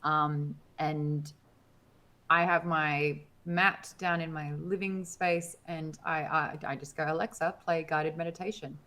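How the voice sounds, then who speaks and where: A woman co-hosting a casual chat, telling stories with lively acted-out quotes. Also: deep voice, slow. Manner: animated storyteller, acts out quotes. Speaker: co-host.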